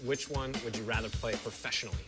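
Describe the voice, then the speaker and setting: A man hosting a TV game show, interviewing contestants in a playful, teasing way with deadpan jokes. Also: mid-range voice, fast talker. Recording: loud game show music behind.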